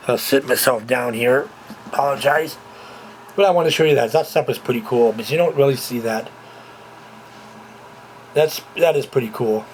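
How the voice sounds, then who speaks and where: A man's medium-pitched voice comes through a low-quality recording with a little hiss or hum. He's a vlogger at home, talking casually to a handheld camera that moves about, rambling and repeating himself amid many fillers.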